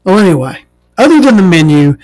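A woman's voice: on the low side, sing-song, brisk, a little mellow, no echo, faint music behind. An American trans woman hosting a podcast, ranting casually and sarcastically with a lot of swearing. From United States, inland. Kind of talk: casual comedic rant monologue.

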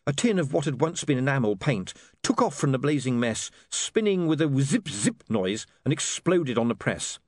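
A man narrates an audiobook in a measured, expressive way. His pitch moves widely through each sentence. The recording is dry and close. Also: no room sound.

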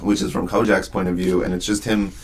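A man co-hosting a casual book discussion, retelling scenes in a relaxed, rambling way with lots of filler words. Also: sits low, brisk, husky. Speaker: podcast co-host.

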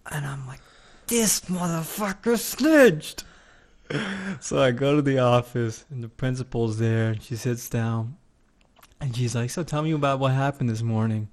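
A young man chatting casually, telling a childhood story and acting out the voices of the people in it. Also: medium pitch. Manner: animated storyteller, acts out voices. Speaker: podcast guest.

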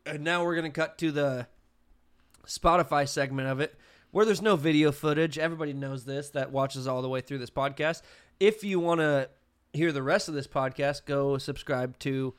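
A man's voice: on the high side, moderate pace, smooth. A man hosting a podcast in a loose, profane, casual way. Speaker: podcast host. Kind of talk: casual chat. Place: podcast room with a computer table.

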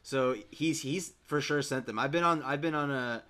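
A man co-hosting a podcast, excitable and teasing, often breaking into laughter. His voice is bright and forceful. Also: medium pitch, normal speed. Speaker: podcast co-host. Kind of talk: casual podcast chat.

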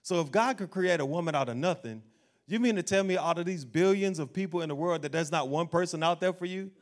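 Man, pastor, animated sermon, slightly high voice. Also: fast. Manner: animated preaching, acts out doubting voices, laughs.

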